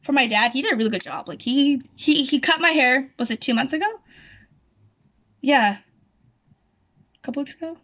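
A woman's voice: sits high, moderate pace, long pauses, a bit bright. A young woman chatting casually at home, rambling and correcting herself as she goes. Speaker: YouTuber. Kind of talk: casual chat. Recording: dull lo-fi recording.

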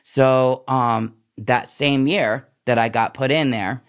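Speaking slowly with fairly even intonation, this man has a clean, mid-range voice. He's a podcast guest and former nurse who recounts his recovery with candid, run-on storytelling that tumbles forward.

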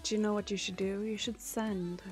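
A woman's voice: medium pitch, level tone, normal speed, faint music behind. A woman streamer in casual chat with her viewers. She is chatty, swears often and trails off with fillers.

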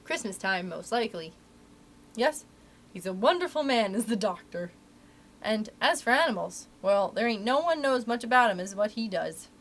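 This library story reader has a fairly high, animated voice and keeps a normal speed. She gives voice to a talkative male cat's-meat seller, all folksy rustic speech and dropped letters.

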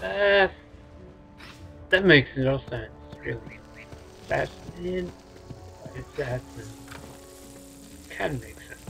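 Slow, joking man playing a game. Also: fairly high pitch, lively intonation, vocal fry, bright, forceful tone. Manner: joking, crude, laid-back asides. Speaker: let's play host. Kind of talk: gameplay commentary. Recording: dull lo-fi mic with game music.

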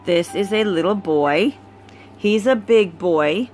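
A woman's voice: mid-range voice, a little mellow, soft background music. A tired woman breeder casually presenting a litter of puppies, filmed on a phone at home. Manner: slow, easygoing, chatty. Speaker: dog breeder.

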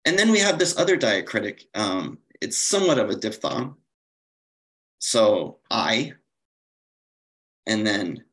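Man, lowish voice, walking an audience through slides in a calm explanatory lecture. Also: poor audio. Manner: explanatory, steady, with fillers and self-corrections. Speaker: conference presenter.

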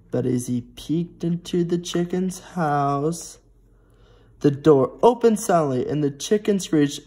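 A teenage boy reads a picture book aloud to small children. He speaks slowly and gently, with a mellow, slightly husky voice. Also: a little high. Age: teens. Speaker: storybook reader. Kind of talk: reading a picture book to preschoolers.

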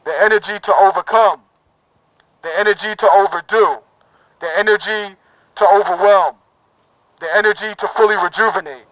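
A man's voice: sits high, steady tone, normal speed, long pauses, fairly bright tone, no echo, low-quality recording. A man speaking at an outdoor protest, giving a fervent speech and leading a chant in a prayer. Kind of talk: impassioned rally speech. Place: outdoor town plaza.

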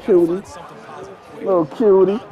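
A man streaming a football video game, trash-talking loudly and boastfully with plenty of profanity. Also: high voice, steady tone, measured pace, narrow, tinny audio. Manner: boastful, profane, loud, laughs a lot. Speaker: gaming streamer. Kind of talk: loud trash-talking gameplay commentary.

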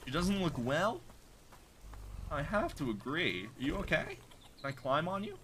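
A man's voice: on the high side, very animated, measured pace, sharp tone, a little hiss or hum. A man streaming a game live, chatting casually, reacting aloud and greeting viewers in chat. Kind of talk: live gameplay commentary.

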